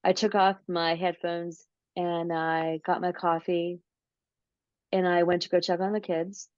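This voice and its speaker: Slow, low-voiced woman telling a story. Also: little pitch movement, no echo. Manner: slow, drawn-out storytelling with many fillers. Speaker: interview guest, paranormal researcher. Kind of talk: casual storytelling. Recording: dull lo-fi audio.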